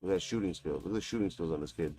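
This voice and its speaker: A man's voice: deep voice, rapid-fire, warm tone, husky, soft background music. A man streaming a basketball video game, taunting and mocking his opponent with a profane, trash-talking manner. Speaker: gaming streamer. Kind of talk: live gameplay trash talk.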